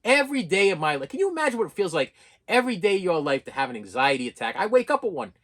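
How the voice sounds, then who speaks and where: Very animated and racing along, this man in his fifties has a high, fairly bright voice. He's a vlogger pouring out a raw, emotional rant to camera, riddled with stammered restarts and repeated phrases.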